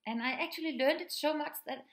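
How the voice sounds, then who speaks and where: Woman speaker, teacher, fairly high voice, earnest, explains plainly. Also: fairly quick, a bit bright. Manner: earnest, explaining plainly, often acts out quoted speech. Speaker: teacher of pupils with autism. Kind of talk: spoken presentation.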